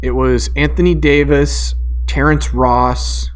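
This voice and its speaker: A young man co-hosting a casual sports chat, telling high school stories and acting out the people in them. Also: slow. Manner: animated storytelling, acting out quotes. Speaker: podcast co-host.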